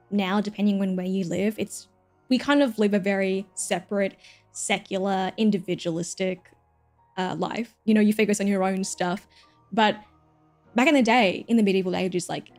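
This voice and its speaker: A woman's voice: on the high side, darkish tone. A woman streaming, chatting casually and jokily with plenty of fillers and giggles, with faint music behind her. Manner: rambling, jokey, lots of fillers and giggles.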